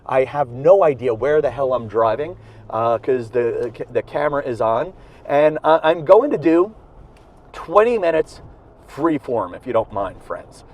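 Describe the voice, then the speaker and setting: A man's voice: mid-range voice, lively intonation, measured pace, darkish tone. A comedian hosting his podcast while driving, talking in a rambling, self-mocking way with lots of fillers and restarts, a bit out of breath. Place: inside his car in cold weather. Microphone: video camera in car.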